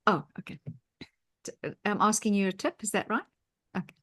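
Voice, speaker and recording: A woman co-hosting a relaxed mindfulness chat. She reflects aloud, pausing on ums and restarting her sentences as she goes. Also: medium pitch, slightly rough. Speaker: podcast co-host. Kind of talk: casual chat.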